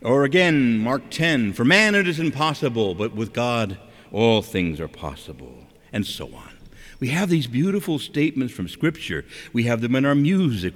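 Guy giving a chatty sermon, voice going up and down a lot, long church echo. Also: mid-range voice. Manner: animated, asks rhetorical questions, acts out quotes. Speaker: preacher. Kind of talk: conversational sermon.

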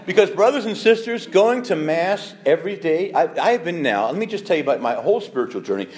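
Male priest, fifties, animated sermon, emphatic delivery, slightly high voice. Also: fast talker. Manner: animated and emphatic, with quoted asides.

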